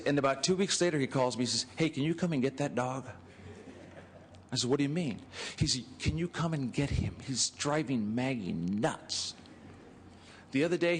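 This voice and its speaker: Senator telling stories in a reverberant chamber. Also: male voice, mid-range voice, a little hiss or hum. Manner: storytelling, acting out dialogue, chuckling. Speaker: state senator. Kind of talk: anecdotal floor speech tribute. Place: legislative chamber. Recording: chamber with long reverb, faint ambience.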